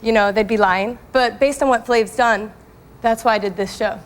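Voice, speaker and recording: A woman's voice: on the high side, fairly even intonation, moderate pace. A woman, a former contestant, answering in a self-assured, defensive way. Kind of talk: reunion interview answer.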